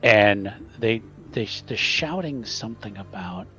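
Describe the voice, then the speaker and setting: Male game master, casual narration, lowish lively voice, dull lo-fi mic. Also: unhurried, soft background music. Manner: casual, filler-heavy narration.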